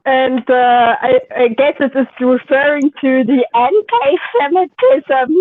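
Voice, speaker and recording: A man's voice: extremely high pitch, takes it slowly, no room sound. Hesitant man on a thin call line. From Germany. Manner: hesitant, many fillers and restarts. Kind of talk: casual live-stream chat. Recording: thin phone-like call audio.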